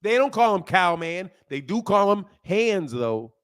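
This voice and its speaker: A man's voice: sits high, very animated, unhurried, a bit bright, clean tone. A man hosting a livestream and answering chat in a heated, lecturing way, full of loose slang, with many repeated words. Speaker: livestream host.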